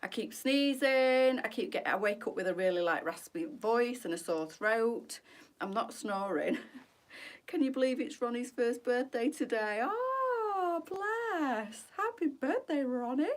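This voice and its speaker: A woman's voice: on the high side, animated, measured pace. A woman hosting a boutique clothing live stream, chatting and greeting viewers by name in an affectionate, gushing way.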